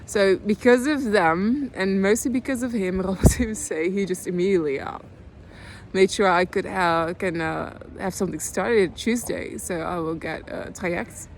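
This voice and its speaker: A Dutch-accented woman in her twenties records a personal video diary, speaking haltingly with many pauses and restarts. She stays calm and low-key but often seems close to tears. Background noise can be heard.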